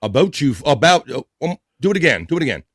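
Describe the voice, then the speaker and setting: A man's voice: fairly high pitch, big pitch swings, fast talker, husky, dry recording, clean studio sound. A man hosting a casual live stream, reading viewer comments aloud and laughing often. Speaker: livestream host.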